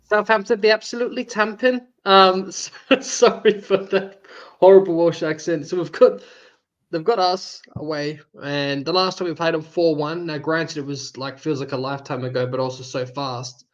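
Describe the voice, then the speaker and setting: A man with an Australian accent, co-hosting a casual fan chat, jokey and quick to laugh. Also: a little high, flat delivery, a little mellow, muffled recording. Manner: jokey, chatty, laughs often. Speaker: co-host.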